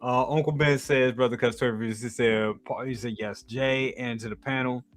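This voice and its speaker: A man's voice: medium pitch, steady tone, moderate pace. A man hosting a toy collecting livestream, enthusiastic and repeating his praise. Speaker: host. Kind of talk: casual livestream chat.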